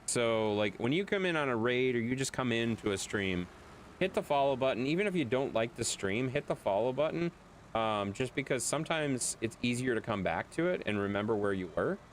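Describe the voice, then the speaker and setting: A man's voice: mid-range voice, expressive, brisk, slight background noise. A man streaming a video game, chatting casually with viewers, reading their chat aloud and laughing often.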